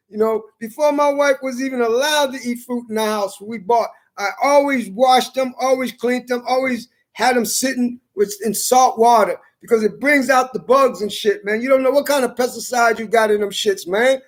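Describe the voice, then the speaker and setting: A man's voice: extremely high pitch, normal speed, hardly any pauses. A man rambling in a casual monologue, cursing often and repeating words as he goes. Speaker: vlogger.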